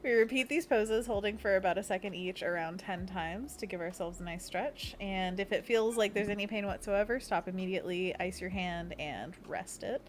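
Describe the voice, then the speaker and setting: A woman's voice: medium pitch, moderate pace, few pauses, a little hiss or hum. A young woman hosting a casual livestream, playful and giggly, leading hand stretches with silly monkey noises. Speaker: livestream host.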